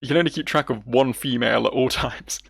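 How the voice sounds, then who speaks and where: Wry male let's-player, gravelly fry, dry close sound, casual running commentary. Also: mid-range voice, a bit bright, no room sound. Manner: wry, sarcastic, reads game dialogue aloud in quick put-on voices. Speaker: let's play host.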